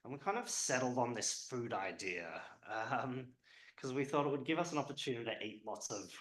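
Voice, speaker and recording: A man's voice: medium pitch, fairly bright tone, roomy sound, low-quality recording. A man speaking at a public event as a historian, conversational and hesitant with frequent ums.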